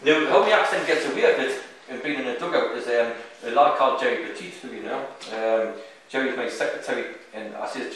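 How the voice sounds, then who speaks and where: A man's voice: medium pitch, lively intonation, fairly quick, crowd noise. A man with a very strong accent, a football manager telling rambling, self-mocking anecdotes in casual chat, recorded from a distance in an echoey room.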